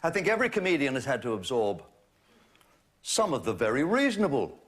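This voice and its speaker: A man, hosting a stand-up routine and mocking his targets in quick runs that build to punchlines. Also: medium pitch, very animated. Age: 60s. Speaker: comedian host. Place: TV studio with a live audience. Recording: loud audience laughter behind. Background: audience laughter.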